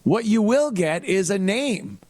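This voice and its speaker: A man's voice: high voice, lively intonation, unhurried, a little mellow, no room sound. A man hosting a podcast, talking through a blunt, profane and mocking monologue of commentary. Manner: blunt, profane, mocking, with frequent restarts and mimicry of others. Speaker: podcast host. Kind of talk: casual political commentary monologue.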